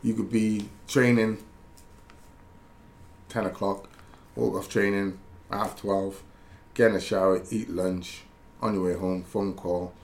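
A man, a former footballer, chatting casually as a pundit and telling animated stories with many restarts. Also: fairly low pitch, slow pace, roomy sound, slight background noise. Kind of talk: casual chat, storytelling.

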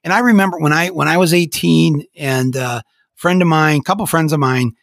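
A man's voice: on the high side, brisk, vocal fry, fairly bright tone, dry recording, studio quality. A man in his sixties hosting a casual interview, enthusiastic and reflective, often restarting his sentences. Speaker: host.

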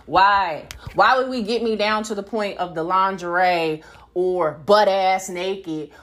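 A young adult woman hosting a solo podcast, talking bluntly and profanely in an animated, laughing monologue. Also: medium pitch, takes it slowly. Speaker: podcast host.

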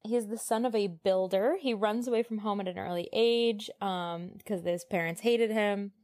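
A woman's voice: mid-range voice, fairly even intonation, darkish tone. Woman reading aloud and joking. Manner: joking, laughs often, pauses on fillers. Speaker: podcast co-host. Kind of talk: casual chat mixed with reading aloud from a novel.

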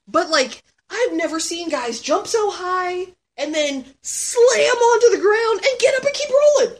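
A woman in her thirties, chatting casually as a guest and answering questions with lots of laughing, swearing and sudden shouts. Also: very high voice, lively intonation, measured pace. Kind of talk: casual chat.

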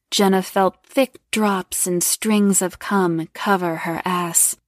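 A woman reading an adult story aloud in an even, measured storytelling manner. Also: mid-range voice, dry recording, studio quality. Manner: slow, even storytelling read. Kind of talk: scripted adult story narration.

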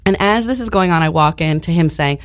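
A woman co-hosting a casual chat, telling stories with lots of swearing and acting out the people she quotes. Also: brisk. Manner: animated, acts out quotes with big pitch jumps, swears. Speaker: podcast co-host.

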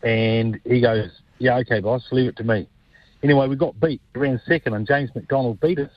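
A man's voice: mid-range voice, a little fast, no echo. A man, a racehorse owner telling stories in a casual radio interview, rambling and restarting as he goes. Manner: chatty, rambling with restarts, animated when telling anecdotes. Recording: dull lo-fi phone-like line.

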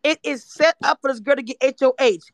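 A woman hosting a livestream, chatting animatedly and excitably about a reality show, sometimes breaking into shouts and laughter. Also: high-pitched, fairly quick, no room sound. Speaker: livestream host. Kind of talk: casual reality-TV recap chat.

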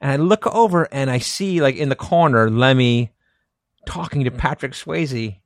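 A man co-hosting a casual podcast, recounting things in a relaxed, wry tone. His voice sits mid-range and sounds dry and close. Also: mid-range voice, moderate pace, no echo. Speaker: podcast co-host.

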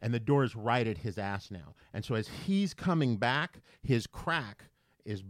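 A man co-hosting a podcast tells a story in casual chat, animated and acting out the voices he quotes. His mid-range voice keeps a measured pace, with no room sound in the recording.

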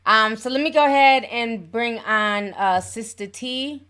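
A woman's voice: a little high, unhurried, sharp tone, clean tone. A woman hosting a live call-in show, chatty and affectionate with her callers. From Minnesota.

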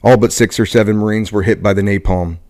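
Podcast host guy reading a book out loud, lowish voice, fixes his slips as he goes. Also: fast. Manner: steady reading with occasional stumbles and self-corrections. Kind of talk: reading a book passage aloud.

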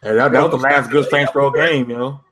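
A man's voice: medium pitch, fairly even intonation, brisk, crowd noise. A man guesting on a gaming podcast, upbeat and jokey, chatting casually.

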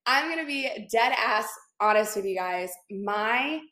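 A woman with a fairly high voice hosts a solo podcast, talking bluntly in a casual way and leaning on "like" fillers. Her voice carries a roomy echo. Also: lively intonation, unhurried, bright, forceful tone. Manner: blunt, swears, frequent "like" fillers. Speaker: podcast host.

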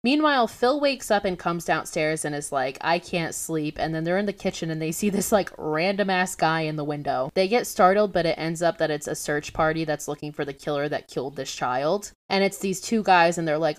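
A woman's voice: low-pitched, normal speed, hardly any pauses. A young woman hosting a podcast, recapping a horror film in a casual, profane and sarcastic storytelling manner. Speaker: podcast host.

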